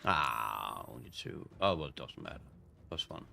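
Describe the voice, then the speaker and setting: A man streaming a video game, commenting casually in a halting, rambling way. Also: a bass voice, sing-song, vocal fry, sharp tone, a little hiss or hum. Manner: rambling, halting, self-correcting. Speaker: gaming streamer. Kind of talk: casual let's-play commentary.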